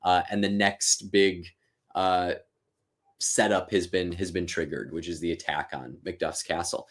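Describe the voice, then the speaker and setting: Man, host, live lesson commentary, casual, thinking aloud, lowish voice. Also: fairly even intonation, measured pace. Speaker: teacher and host. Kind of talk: live-streamed reading and commentary.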